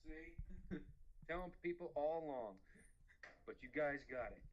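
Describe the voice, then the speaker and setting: A man's voice: fairly high pitch, lively intonation, moderate pace, dull audio. A man appearing as a wrestling podcast guest, rambling and joking and laughing often. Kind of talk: casual comedic chat. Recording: distant echoey mic with noise.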